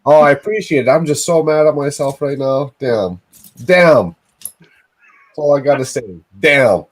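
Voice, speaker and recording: A man's voice: fairly high pitch, measured pace, poor audio. A man hosting a casual livestream, scolding himself with groans and frequent swearing. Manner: self-reproaching, groaning, swears often. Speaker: livestream host.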